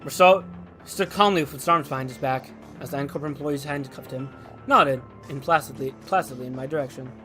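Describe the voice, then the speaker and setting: Excitable young male streamer, bright voice. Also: medium pitch, a little fast, faint music behind. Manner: excitable, laughing reactions. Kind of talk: reading a game story aloud with reactions.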